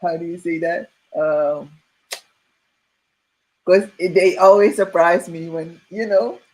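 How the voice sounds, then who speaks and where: A woman from Suriname, chatting as a guest and telling stories in an animated way, laughing often and saying "you know" a lot. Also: on the low side, slow pace, poor audio. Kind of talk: casual storytelling chat.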